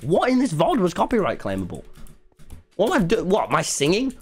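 A man's voice: sits high, huge pitch swings, breathy edge. A man with an English accent, chatting casually on a livestream while gaming, rambling and swearing as he rants. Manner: rambling, profane, quick to rant.

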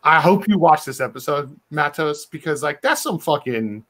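A man's voice: on the high side, lively intonation, normal speed, fairly bright tone. A man hosting a casual chat, joking and swearing, with lots of "dude" and "bro". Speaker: host.

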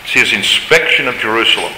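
A man's voice: mid-range voice, lively intonation, quick pace, sharp tone, slight background noise. A man giving an emphatic Bible study lecture, his voice rising when he reads scripture aloud. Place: large lecture hall. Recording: roomy hall reverb, faint ambience.

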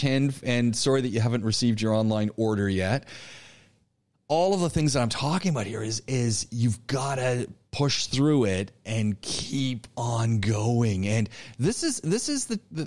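A man teaching an online public speaking class, lecturing in an animated, coaching way with frequent restarts. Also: medium pitch. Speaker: college public speaking instructor.

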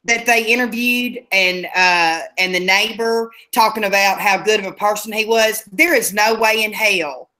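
A woman's voice: medium pitch, moderate pace, hardly any pauses, pushed and bright. A woman co-hosting a casual chat show, blunt and emphatic, swearing freely. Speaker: podcast co-host.

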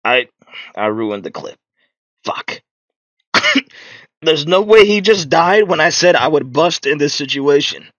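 A young man live-streaming a video game, excitable and profane, chatting to viewers and laughing a lot. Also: on the high side, unhurried, pauses often, no echo, lo-fi sound. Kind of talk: live gaming commentary.

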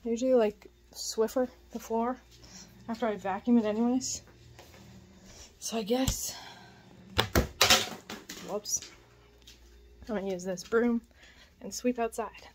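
A woman's voice: fairly high pitch, fairly even intonation, slow, long pauses. A young woman vlogging in a casual, rambling way, swearing now and then, talking to a phone camera while driving and then outside her home. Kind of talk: casual vlog chat. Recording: loud background noise.

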